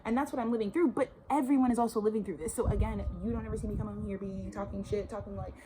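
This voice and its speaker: A Texas woman in her twenties, a vlogger, rants emphatically outdoors by a suburban yard in a casual, profane, slang-heavy monologue on spiritual topics. Her mid-range voice is steady and rapid-fire, with crowd noise around her.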